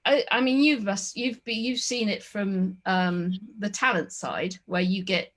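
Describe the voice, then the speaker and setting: A woman's voice: medium pitch, fairly even intonation, a little slow, fairly bright tone. A woman interviewing a guest, speaking hesitantly with many fillers and restarts. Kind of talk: conversational interview.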